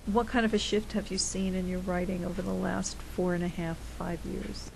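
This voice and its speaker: Measured woman radio interviewer. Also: fairly low pitch, level tone, vocal fry, a little hiss or hum. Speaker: radio arts program interviewer. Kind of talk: scripted introduction and interview.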